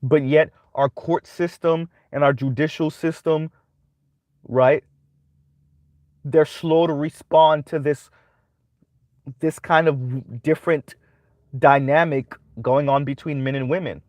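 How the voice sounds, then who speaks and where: A man's voice: a little high, steady tone, takes it slowly, pauses often, darkish tone, no room sound. A man hosting a commentary channel, giving a casual monologue that keeps checking in with "right?". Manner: conversational, repeats "right?" often.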